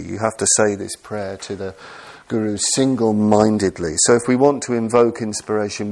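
Guy, lowish voice, giving a buddhist dharma talk, earnest, keeps restarting his sentences. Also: a little mellow. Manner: earnest, self-deprecating, many restarts. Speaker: Buddhist teacher.

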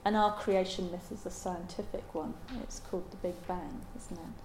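A woman giving a Buddhist dharma talk in a halting, thoughtful way, with many pauses and ums. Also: fairly low pitch, steady tone, a little mellow, a little hiss or hum. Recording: roomy echo.

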